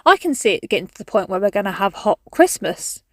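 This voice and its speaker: Very animated and a little fast, her mid-range voice carries a frank, casually sweary commentary on cleaning her cupboards. She's an English cleaning vlogger in her thirties, recorded with clean studio sound and no echo.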